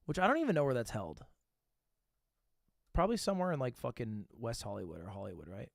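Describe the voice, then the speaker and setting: A male livestreamer with a lively, bouncing voice, talking his way through a guessing game in casual chat. He swears freely and mocks himself as he goes. The sound is dry, close and free of room echo. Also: mid-range voice, creaky. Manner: thinks aloud, swears casually, quick self-mocking asides.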